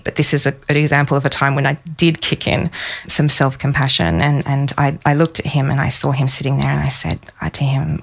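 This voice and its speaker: Low, gravelly-voiced woman telling a story. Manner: warm storytelling, emotional in places. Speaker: guest, psychologist. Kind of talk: personal story in podcast conversation.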